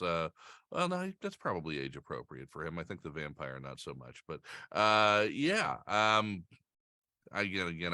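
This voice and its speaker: A man's voice: sits low, bright, forceful tone, no room sound. A man judging a voice-acting competition, laid-back and joking. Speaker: competition judge. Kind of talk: casual spoken feedback.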